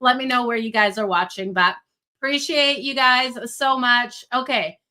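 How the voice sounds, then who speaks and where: A bright, clear-toned woman hosting a live sports picks stream, speaking with a Canadian accent that still lets slip Australian vowels. She talks to her viewers in a chatty, upbeat way, giving shout-outs and reminders. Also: a little high, normal speed. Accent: Canadian with Australian traces. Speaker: sports betting host.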